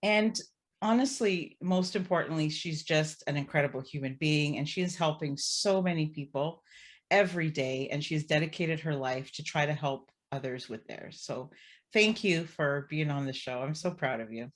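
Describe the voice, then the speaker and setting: A woman hosts a podcast interview, introducing her guest with effusive, admiring praise. Her speaking voice sits a little low. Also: moderate pace. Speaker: podcast host.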